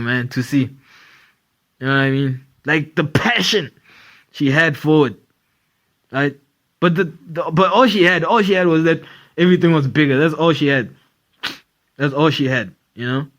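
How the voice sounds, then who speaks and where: A man's voice: a little high, fairly bright tone. A man hosting a casual comedy podcast, rambling and profane, with lots of fillers. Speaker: podcast host.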